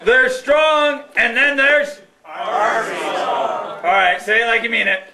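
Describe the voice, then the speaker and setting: A man's voice: sits high, fairly even intonation, quick pace, vocal fry, crowd noise. A man voicing a pushy, upbeat army recruiter puppet who talks like a salesman in a live puppet show, recorded in an echoey hall. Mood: persuading. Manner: salesy, cheerleading.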